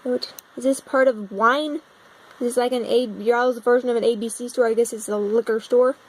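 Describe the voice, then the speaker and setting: Browsing a map on her computer, a young American woman thinks out loud and puzzles over what she sees in a casual vlog. Her voice is on the high side, steady and a little mellow, at normal speed. The audio is poor, captured by a phone propped against her laptop.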